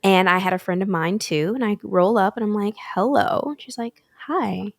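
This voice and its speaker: A woman's voice: mid-range voice, fairly quick, no echo. A woman guest on a talk show, playfully telling stories and laughing through her lines. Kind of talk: casual talk show chat.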